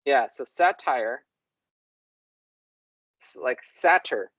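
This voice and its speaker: A man's voice: mid-range voice, lively intonation, drawn-out words, a bit bright, slightly rough. A man co-hosting a casual language discussion, musing and repeating words aloud to try them out. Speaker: co-host. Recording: dull lo-fi dry recording.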